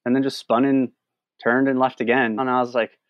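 A man's voice: medium pitch, level tone, a little fast, no echo, dull audio. Man telling a rambling trail story. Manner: rambling, lots of "like" and restarts. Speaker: guest, long-distance hiker. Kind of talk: casual storytelling.

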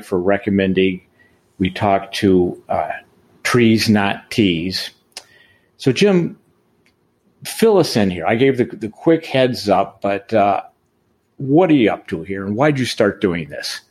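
A man's voice: on the low side, expressive, measured pace, darkish tone, husky. A man hosting a podcast interview, chatty and joking, often correcting himself. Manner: jokey, rambling, self-correcting. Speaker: podcast host.

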